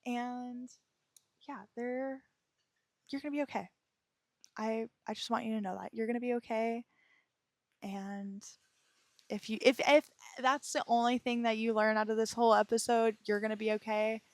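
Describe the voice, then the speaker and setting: A woman hosts her solo podcast in a gentle, reassuring way, sounding tired and emotionally weighed down. Her voice sits a bit high, and she often stumbles over words and laughs at herself. The recording is close and dry, with no room sound. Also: fairly even intonation, moderate pace, pauses often, no room sound. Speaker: podcast host. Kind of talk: casual solo podcast talk.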